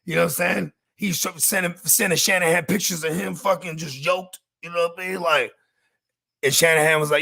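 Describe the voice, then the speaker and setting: A man riffing through a late-night sports chat with loose, profane humor and animated storytelling. His voice has a gravelly grain with a bright, forward tone. The sound is dry and close. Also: a little high, a little fast, dry recording. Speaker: podcast co-host. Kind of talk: casual late-night fantasy football chat.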